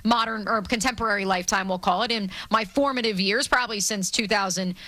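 A woman's voice: mid-range voice, fast talker, bright, forceful tone. A woman co-hosting a sports radio show, talking in a chatty, digressive way and correcting herself as she goes.

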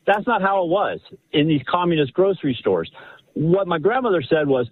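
A man calling in to a radio show, telling a family story in an animated, rambling way with many restarts. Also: a little high, moderate pace. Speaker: caller. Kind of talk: casual storytelling on a phone-in. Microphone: telephone. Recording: husky voice over a tinny phone line.

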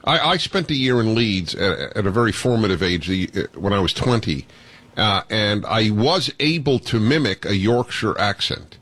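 A jovial American man hosting a radio talk show, chatting easily with his guest. His pitch swings up and down freely, and he laughs often between remarks. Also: expressive, moderate pace, a bit bright, dry recording.

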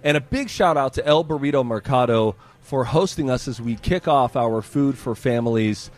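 Radio host guy on location, easygoing chat, mid-pitched. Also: normal speed. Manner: chatty, thanking people off the cuff. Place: on location at tables in a market.

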